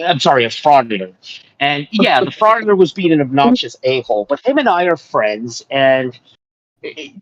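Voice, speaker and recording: A man on a live stream, telling a long story in a rambling way full of fillers. His voice sits a little high and the sound is dull and muffled. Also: dry recording. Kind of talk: casual chat.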